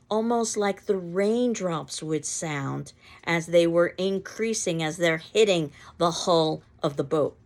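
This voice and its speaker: Low-voiced woman teaching poetry. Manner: reads verse aloud slowly and steadily, explains step by step. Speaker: literature teacher. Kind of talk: recorded lecture on poetry.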